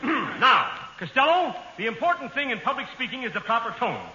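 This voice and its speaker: An actor playing a pompous, long-winded professor of public speaking in a 1940s radio comedy, from an old broadcast recording. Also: male voice, very high voice, big pitch swings, fairly quick, bright, forceful tone, highs cut off, exaggerated voice. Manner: pompous, grandiloquent. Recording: old radio broadcast, roomy hall, hiss.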